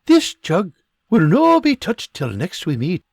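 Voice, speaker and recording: A man voicing a steady Native American frontiersman who speaks slow, broken English. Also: high voice, no echo, clean studio sound, pitched above the performer's own voice, exaggerated voice. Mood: solemn.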